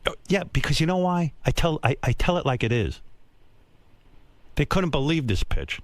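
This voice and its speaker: An older man hosting a radio show, telling a crude comic story with brash boasting and quick mocking voices. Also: on the high side, expressive, no echo. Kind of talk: crude comedic radio banter. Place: radio studio.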